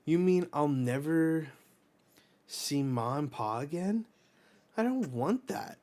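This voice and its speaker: Man doing a high, pleading giant kid for a comic read-aloud. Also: animated, slow pace, a little mellow. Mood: panicked. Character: frightened young giant child.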